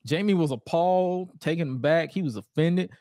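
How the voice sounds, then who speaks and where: Recapping old wrestling shows on a podcast, a co-host with a voice on the high side speaks at a moderate pace, telling stories with animation and doing the wrestlers' lines in goofy voices. Clean studio sound, no echo.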